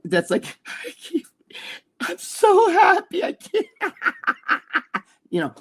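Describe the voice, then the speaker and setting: A man's voice: high-pitched, dry recording. A man co-hosting a casual chat show, talking in a heated, profane, rambling way. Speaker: co-host.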